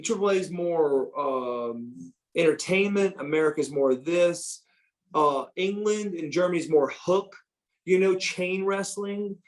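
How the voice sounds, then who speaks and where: A man in his fifties from the United States, spinning profane, animated tales as a podcast guest. His voice sits a bit higher than most men's. He stumbles and restarts as the stories tumble out. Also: slow pace, low-quality recording. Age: 50s. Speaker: guest, former pro wrestler. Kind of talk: storytelling in a podcast interview.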